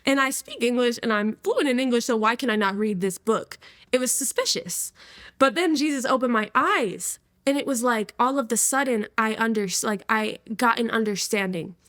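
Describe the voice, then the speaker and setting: Lively young woman telling her testimony. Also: on the high side, normal speed, no room sound, studio quality. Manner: lively, laughs often, slangy. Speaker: interview guest. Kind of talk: casual testimony storytelling.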